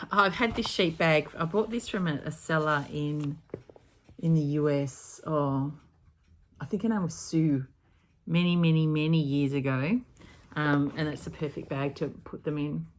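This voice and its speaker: A woman with a notably low voice talks through her stitching plans in a relaxed, rambling way. She often backtracks and corrects herself mid-sentence, in the easy manner of a home craft vlog recorded in her craft room. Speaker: cross-stitch vlogger. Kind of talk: casual chat.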